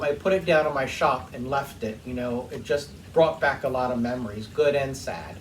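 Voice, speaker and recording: A man hosting his own workshop channel, telling a heartfelt, rambling story full of ums while he cleans something. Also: medium pitch. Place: home workshop. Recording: distant mic with faint room noise.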